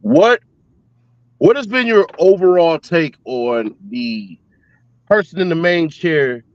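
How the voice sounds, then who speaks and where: Man, host, casual chat, rambling, slightly high voice, dry muffled audio. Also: lively intonation, slow, no echo. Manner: laid-back, rambling, restarts sentences. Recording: dry, dull lo-fi sound.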